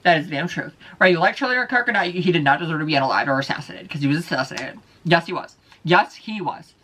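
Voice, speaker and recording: A man's voice: a little high, lively intonation, fast, pushed and bright. A man vlogging alone, ranting heatedly with heavy profanity and repeating his points. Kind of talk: casual solo vlog rant.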